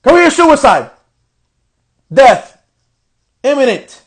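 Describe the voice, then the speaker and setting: High-voiced man ranting angrily. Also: sing-song, slow. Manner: frustrated ranting with heavy profanity. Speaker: podcast host. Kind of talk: angry wrestling show review.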